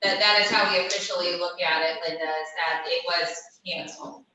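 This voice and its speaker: A woman's voice: fairly low pitch, fairly even intonation, brisk, bright, forceful tone, soft background music. A woman on the parks staff politely explaining procedure at a public meeting, sitting far from the microphone. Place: meeting room, far from the mic. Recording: very echoey room from afar.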